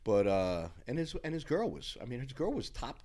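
A man in his fifties, a former bodybuilder and podcast guest, telling loud, profane, animated gym stories. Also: medium pitch, moderate pace. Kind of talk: casual storytelling chat.

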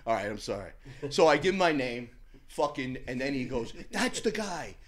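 A man's voice: mid-range voice, moderate pace. A brash middle-aged man telling a profane gym story in a casual podcast chat. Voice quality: brash, profane storyteller with a loud, animated delivery. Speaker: guest storyteller.

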